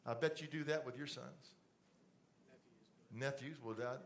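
A middle-aged man preaching a conversational sermon in a church, dropping to a soft fatherly voice for asides. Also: medium pitch, fairly even intonation, a little slow, a little hiss or hum. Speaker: pastor. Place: church stage with TV lights.

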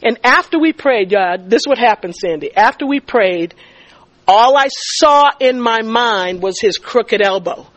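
A middle-aged woman teaches a faith group through a personal testimony. Her voice sits high. She tells the story in an animated way, stammering when she gets excited and acting out each exchange. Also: measured pace, dry recording, poor audio.

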